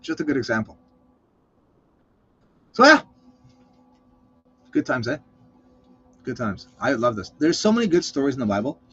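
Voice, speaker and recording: Foul-mouthed ranting man, lively pitch. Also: moderate pace, pauses often, slight background noise. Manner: ranting, swearing, animated storytelling. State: cold. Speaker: show host. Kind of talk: casual profane monologue. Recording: slightly muffled dull recording.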